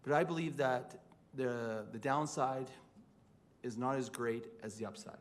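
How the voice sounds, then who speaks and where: A man's voice: medium pitch, unhurried. A man speaking as a city councillor, making an earnest, plain-spoken case in a formal council debate from a council chamber desk microphone.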